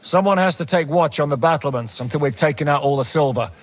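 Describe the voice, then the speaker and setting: A man's voice: fairly high pitch, lightly acted. A man playing a commanding mercenary captain. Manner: brisk, giving orders.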